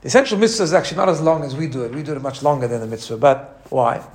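A man teaching a lively religious lesson. He imitates sounds as he explains and often restarts his phrases. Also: a little high, very fast. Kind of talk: teaching talk.

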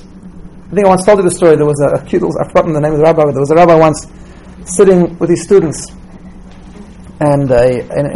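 Religious teacher, male, high-pitched, storytelling delivery, repeats himself on restarts. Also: vocal fry, darkish tone, a little hiss or hum, poor audio. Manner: storytelling, tags points with "right?". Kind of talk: teaching talk with stories.

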